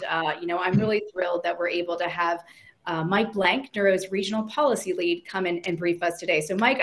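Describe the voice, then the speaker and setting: A woman's voice: lowish voice, fairly bright tone. A woman moderating a conference panel, upbeat and friendly, with fillers.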